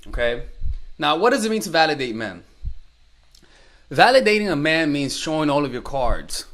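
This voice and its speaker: A young man coaching women on dating, talking bluntly and with profanity, acting out bits of dialogue. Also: on the high side. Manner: blunt, profane, animated, acts out quoted dialogue. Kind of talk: direct-to-camera advice talk.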